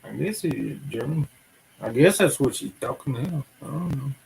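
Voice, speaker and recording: A man's voice: mid-range voice, expressive, normal speed, gravelly, a little mellow, a little hiss or hum, low-quality recording. A man hosting a livestream, chatting and joking in a folksy way. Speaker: livestream host. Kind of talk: casual chat.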